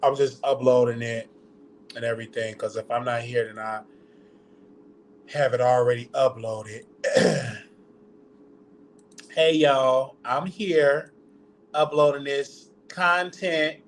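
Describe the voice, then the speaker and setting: A man hosting a personal vlog, halting and repeating words as his voice breaks with grief, close to tears. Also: mid-range voice, fairly even intonation, slight background noise. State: on the verge of tears. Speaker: channel host.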